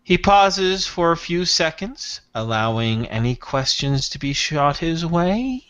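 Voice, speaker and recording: A man narrating a tabletop role-playing game as game master in a relaxed, unhurried way. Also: on the high side, clear, resonant tone, dry recording.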